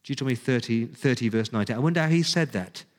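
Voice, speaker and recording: Earnest preacher in a reverberant hall. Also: male voice, medium pitch, very fast. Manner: pleading, earnest, emphatic preaching. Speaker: pastor. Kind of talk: sermon. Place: church hall.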